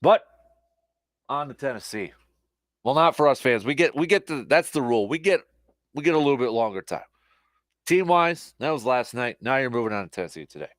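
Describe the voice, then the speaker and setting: A man hosting a casual sports talk show, rambling and animated, with lots of fillers and restarts, a little short on sleep. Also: medium pitch, fairly quick, pauses often, dry recording, studio quality.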